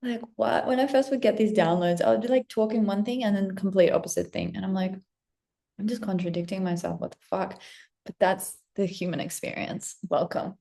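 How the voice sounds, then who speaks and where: Gravelly, mellow-voiced woman giving a pep talk. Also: medium pitch, steady tone, brisk, few pauses. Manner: emphatic, swears freely, acts out inner voices. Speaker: spiritual coach and vlogger. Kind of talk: casual motivational pep talk to camera. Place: outdoors or at a window on a trip abroad.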